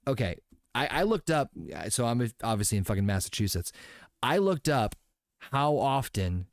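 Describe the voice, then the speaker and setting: Rambling, foul-mouthed podcast host. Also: male voice, medium pitch, sing-song, normal speed, no echo, clean studio sound. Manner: profane and rambling, full of fillers and restarts. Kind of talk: casual podcast chat.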